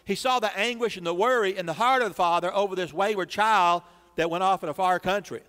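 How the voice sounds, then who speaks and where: A man's voice: high-pitched, fairly quick, fairly bright tone, clear, resonant tone. A man preaching a sermon as pastor, building emphasis through dramatic repetition in a church sanctuary. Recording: long church reverb.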